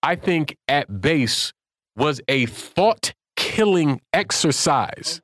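Deliberate man talk-show host. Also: a little high, lively intonation, a bit bright. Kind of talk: political talk radio commentary.

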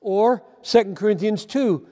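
Male preacher, high-pitched, impassioned sermon delivery in a hall with a long reverb. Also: unhurried, dark tone. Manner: impassioned, emphatic, repeats words for stress.

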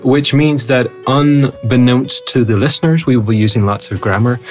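A man's voice: medium pitch, moderate pace. Man, Northern Irish accent, podcast host, playful casual chat, faint music behind. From Northern Ireland. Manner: chatty, playful, asks lots of questions.

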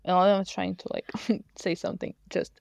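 A woman's voice: medium pitch, a little fast, gravelly, no echo. Chatty woman, dry sound. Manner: talkative, animated, many fillers and asides. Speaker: English teacher, podcast co-host. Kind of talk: casual podcast chat.

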